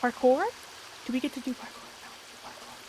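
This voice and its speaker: A young woman streaming a game, excitable and swearing freely, talking to the characters on screen. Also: sits high, quick pace, a little hiss or hum, low-quality recording. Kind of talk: casual gameplay commentary. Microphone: desk mic.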